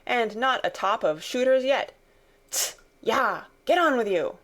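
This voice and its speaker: A woman's voice: mid-range voice, sing-song, normal speed. A woman voicing an impatient male stagecoach driver who urges on his horses with clipped exclamations. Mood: vexed.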